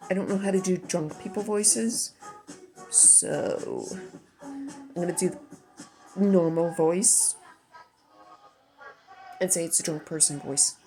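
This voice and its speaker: A woman with a low voice reads her own story aloud, stopping now and then for chatty, self-deprecating asides. Soft music plays faintly underneath. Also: animated, slow, pauses often, rough recording. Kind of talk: story reading with casual asides.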